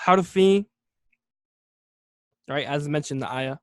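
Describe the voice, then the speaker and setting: A man teaching an Arabic lesson, explaining words step by step, repeating key terms slowly and often checking in with "okay?". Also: fairly high pitch, dry recording. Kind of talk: classroom lesson.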